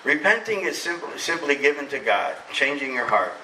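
A middle-aged man preaching a sermon as pastor, emphatic, swinging between loud preaching and soft confiding. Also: on the high side, sing-song, moderate pace, far from the mic, slight background noise. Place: church sanctuary. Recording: echoey church hall from off-mic.

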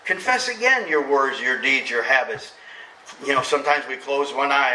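Echoey, bright-voiced preaching pastor. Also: male voice, mid-range voice, animated, moderate pace, recorded from a distance, a little hiss or hum. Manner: emphatic, swinging between loud preaching and soft confiding. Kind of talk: sermon. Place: church sanctuary. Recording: echoey church hall from off-mic.

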